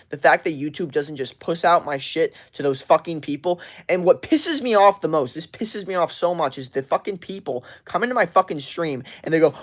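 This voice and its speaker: A young man streaming from his bedroom, venting in a profane, frustrated casual rant. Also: mid-range voice. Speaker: live streamer.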